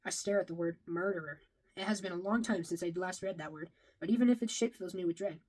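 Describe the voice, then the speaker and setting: A woman's voice: lowish voice, fast talker, darkish tone, low-quality recording. Woman, novel reading, first-person narration, occasional stumbles and rereads. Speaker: reader.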